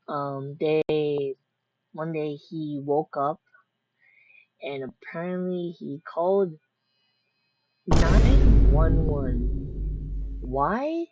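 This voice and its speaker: Jokey rambling woman reacting to scary vids, kinda husky, dry dull mic. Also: sits low, no room sound. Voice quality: rambling, jokey, self-interrupting. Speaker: reaction video creator. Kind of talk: casual reaction commentary.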